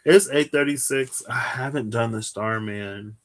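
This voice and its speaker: A man's voice: medium pitch, measured pace. A tired young man chatting casually as he reads tarot, musing aloud and trailing off with sighs. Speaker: tarot reader. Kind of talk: casual solo tarot livestream.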